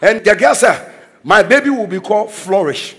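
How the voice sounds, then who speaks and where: High, lively preacher man. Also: moderate pace, slight background noise. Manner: exclaiming declarations, swinging between soft asides and shouts. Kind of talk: energetic sermon with storytelling.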